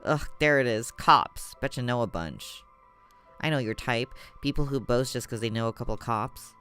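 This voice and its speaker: A man voicing a hostile, sharp-tongued young woman who sneers as he reads a game aloud. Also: medium pitch, moderate pace, faint music behind, natural voice. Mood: contemptuous. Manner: sneering, scornful.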